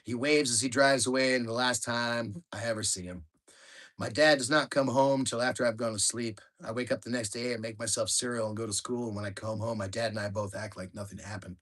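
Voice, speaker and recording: A man reading his memoir aloud in a plain storytelling voice, raising it for quoted shouts. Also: mid-range voice, fairly even intonation, brisk. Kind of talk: audiobook memoir narration.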